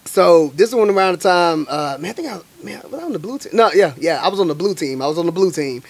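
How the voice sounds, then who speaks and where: Animated young man, slangy storytelling. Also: sits high, fast talker. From Montgomery, Alabama, US. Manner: animated, heavy slang fillers. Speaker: guest chef. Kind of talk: casual storytelling.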